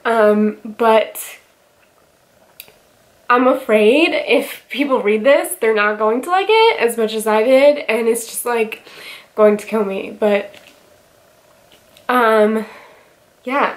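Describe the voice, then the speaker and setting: A woman's voice: a little high, takes it slowly, long pauses. A young woman gushing about a favorite book in a casual vlog, getting tearful and emotional as she talks, with many fillers. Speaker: book vlogger.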